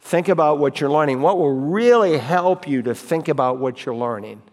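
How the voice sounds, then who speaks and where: A man teaching a Bible class in a relaxed, conversational way. He repeats key phrases and recites verses aloud to show how it is done. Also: fairly high pitch, normal speed. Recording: reverberant hall.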